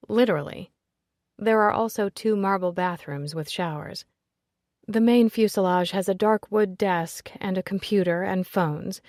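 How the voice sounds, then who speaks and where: A woman reading a first-person audiobook in an expressive, emotional storytelling manner. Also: lowish voice, dry recording, clean studio sound. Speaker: audiobook narrator.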